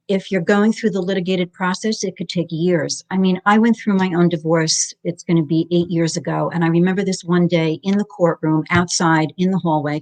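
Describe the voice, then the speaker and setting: A woman's voice: fairly low pitch, a little mellow. A middle-aged woman, a guest in an interview, explaining divorce finances methodically and spelling out jargon step by step.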